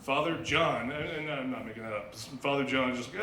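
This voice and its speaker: A man performs a crude, rambling stand-up set, full of restarts and fillers. His voice is bright and forceful, at a middle pitch. The club room rings around him, with a faint hum of ambience behind. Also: fairly quick, reverberant, rough recording. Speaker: stand-up comedian at open mic. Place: small club stage.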